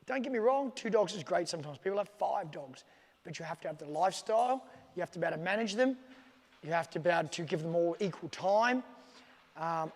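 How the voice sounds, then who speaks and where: A man's voice: sits high, fairly quick, long reverb tail. A man working as a dog trainer, giving casual, plain-spoken advice to camera and repeating his key points. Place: dog training facility with staff around.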